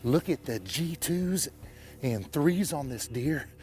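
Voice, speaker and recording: A man's voice: a little high, lively intonation, slow, dark tone, faint music behind. A man who is a bowhunter, narrating his hunt in short, plain spoken phrases, talking outdoors in the woods. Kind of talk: hunting show narration and field talk.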